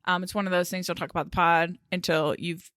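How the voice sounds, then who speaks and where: Podcast co-host, woman, bright, dry close sound, laughing storyteller. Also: on the low side, flat delivery, fast talker, dry recording. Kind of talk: casual chat.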